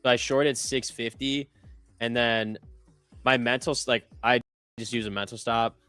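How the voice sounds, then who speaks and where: A man's voice: mid-range voice, fairly even intonation, unhurried, pushed and bright, clear, resonant tone. A young man trading on a live stream, talking loosely with many fillers and self-corrections. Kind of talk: casual chat.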